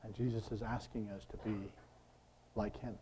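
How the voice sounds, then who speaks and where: A man's voice: on the low side, level tone, normal speed, noisy background. A man preaching a conversational sermon, reading scripture and asking his listeners questions. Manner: conversational, asks the audience questions.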